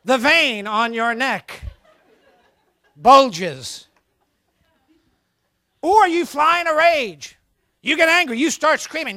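Man, very high voice, lively swooping delivery, humorous sermon, dry close sound. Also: takes it slowly, long pauses, dry recording. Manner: animated, acts out scolding parents for laughs.

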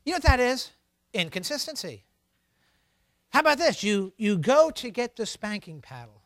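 A middle-aged man giving a humorous sermon on parenting, animated and acting out scolding parents for laughs. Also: very high voice, moderate pace, pauses often, no echo.

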